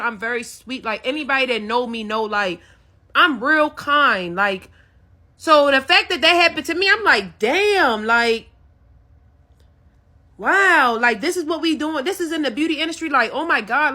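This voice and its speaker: High bright exasperated woman ranting. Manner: exasperated, profane, addresses viewers as y'all. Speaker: storyteller recounting a salon dispute. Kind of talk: casual storytime rant.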